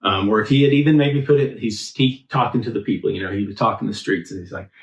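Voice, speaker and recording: Man, lowish voice, relaxed chatty sermon full of fillers, echoey church room. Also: quick pace. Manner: loose, thinking aloud, heavy on filler words. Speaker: preacher. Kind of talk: casual conversational sermon. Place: church sanctuary.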